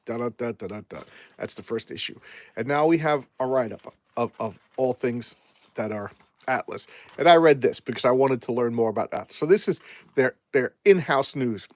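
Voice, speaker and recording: A man's voice: medium pitch, brisk, no echo. A man reviewing comic books in a casual live chat, rambling and often repeating and restarting his words.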